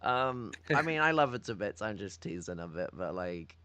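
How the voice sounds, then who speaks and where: Swearing northern man with a bright voice. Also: lowish voice, sing-song, moderate pace, smooth, dry recording. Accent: Northern English. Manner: profane, rambling, teasing. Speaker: livestream host. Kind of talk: political commentary livestream.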